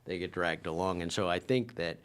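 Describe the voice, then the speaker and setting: A very low-pitched man chatting casually on a podcast. He rambles and halts, restarting his sentences often. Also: a bit bright, smooth. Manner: rambling, halting, many restarts. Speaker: podcast co-host. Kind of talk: casual chat.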